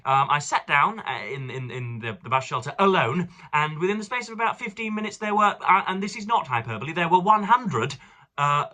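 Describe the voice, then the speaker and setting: A man's voice: a little high, expressive, a little fast, sharp tone. A young man from England rambling through a casual book vlog, digressive and fond of elaborate words. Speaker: book reviewer.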